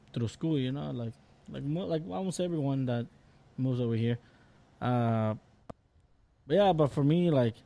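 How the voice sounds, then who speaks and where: A man's voice: medium pitch, warm tone. A man from Tijuana with a Mexican Spanish accent, co-hosting a podcast in laid-back casual chat. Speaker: podcast co-host.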